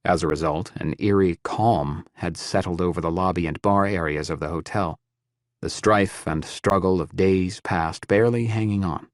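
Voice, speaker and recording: Reading a scripted audiobook, a male narrator with a very deep voice keeps a steady, measured delivery. The recording is close and dry, free of room sound or echo.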